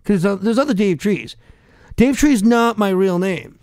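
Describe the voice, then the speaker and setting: A man's voice: high voice, lively intonation, measured pace, a little mellow, no room sound, clean studio sound. A middle-aged man with a Boston accent, a podcast guest ranting in profane, heated, rambling bursts. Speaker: podcast guest, hardcore musician. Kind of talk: ranting casual chat.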